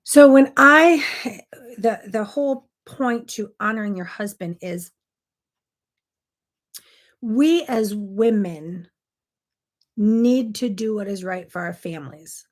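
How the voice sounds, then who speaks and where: A middle-aged woman speaks straight to her camera as the host of a morning devotional show. Her voice sits at an ordinary middle pitch. She talks casually, earnestly and directly to her viewers. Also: expressive. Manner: earnest and direct, acts out quoted spouses in quick little voices. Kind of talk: casual faith talk to camera.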